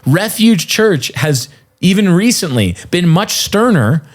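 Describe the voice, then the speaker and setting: A man co-hosting a podcast in casual chat, mocking and laughing often, with quick restarts. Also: high voice, big pitch swings. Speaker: podcast co-host.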